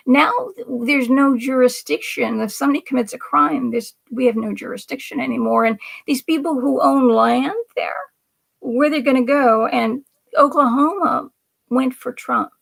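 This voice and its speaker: A woman's voice: high voice, vocal fry. A woman hosting a political commentary livestream, talking in a rambling, emphatic way and now and then dropping to a whisper for effect. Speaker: livestream host.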